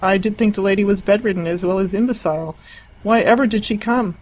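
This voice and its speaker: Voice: medium pitch, quick pace, darkish tone, pitched above the performer's own voice, lightly acted, rough recording. A narrator voicing a wry, snobbish young man with a dry, sardonic manner.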